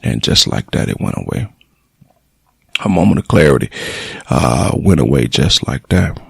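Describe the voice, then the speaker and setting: Deep gravelly man telling a story. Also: animated, normal speed, dry recording, clean studio sound. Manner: emotional, plainspoken, blunt with cursing. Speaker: radio show host. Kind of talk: personal storytelling monologue.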